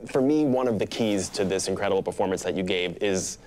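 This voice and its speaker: A man hosting an interview with a somewhat low voice. He sets up each clip and question in a steady, upbeat way. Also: quick pace. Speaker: interviewer host.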